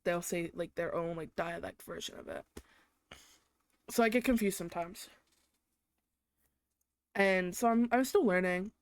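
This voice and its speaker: A young woman from England vents in a low voice, recorded close and dry with no room around her. She talks in a loose, exasperated ramble, swearing freely and leaning on "like" in nearly every sentence. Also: a little slow, long pauses, no room sound. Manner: exasperated, swears a lot, heavy use of "like". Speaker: podcast host. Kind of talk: casual ranting monologue.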